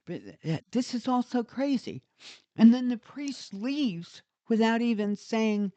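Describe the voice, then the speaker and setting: A woman's voice: on the high side, normal speed, warm tone, no echo. Indignant older woman ranting. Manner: indignant, scornful, sarcastic. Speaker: vlogger. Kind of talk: ranting monologue to camera. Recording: dull lo-fi recording.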